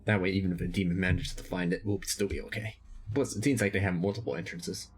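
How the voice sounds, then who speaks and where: A man playing in a tabletop game, animated, switching between his character and table chat. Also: low voice, fast talker, slight background noise. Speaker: player.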